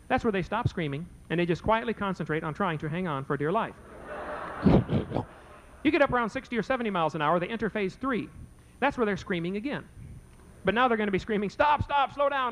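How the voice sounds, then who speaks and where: A man with a fairly high voice tells a story in a quick, rattling lecture style. His telling is folksy and joking, and he loads it with rhetorical questions. He speaks as a creationist debater addressing an audience. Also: lively intonation, slight background noise.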